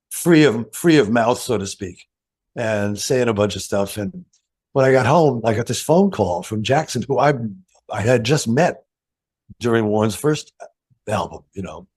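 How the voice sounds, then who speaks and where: Older man, lowish voice, interview guest, animated storyteller, acts out quotes. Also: husky.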